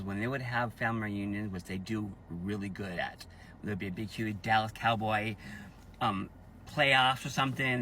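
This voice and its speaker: Guy talking slow and emphatic in a vlog, bright forceful voice, bit of room hiss. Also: medium pitch. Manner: slow, emphatic, repeats himself for effect; angry outbursts and voice rising on key points. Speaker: YouTuber telling a family story. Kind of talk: emotional personal vlog storytelling.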